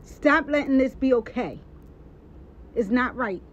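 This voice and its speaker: A woman's voice: high voice, measured pace. A woman giving a heated, emphatic rant and repeating her points for stress. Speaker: social media personality. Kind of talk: impassioned live-stream rant. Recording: dull lo-fi sound.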